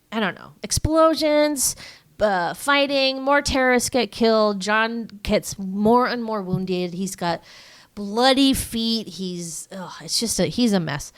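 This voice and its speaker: A woman's voice: lowish voice, creaky, smooth. A woman co-hosting a podcast, recapping a movie in a rambling, joking way with many fillers. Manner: rambling, filler-heavy, jokey asides. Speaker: podcast co-host. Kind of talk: casual movie recap chat.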